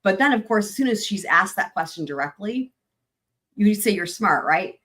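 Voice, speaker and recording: A woman hosting a livestream, commenting casually on trial footage with animated exclamations and swearing. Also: medium pitch, normal speed. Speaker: livestream host.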